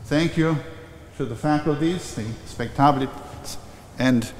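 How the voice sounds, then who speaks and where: An older man giving a warm, conversational acceptance speech at a formal ceremony, often restarting and correcting himself. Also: fairly high pitch, a little slow, a little hiss or hum. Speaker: honorary doctorate recipient giving an acceptance speech. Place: large historic chapel hall. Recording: long reverb from a large hall.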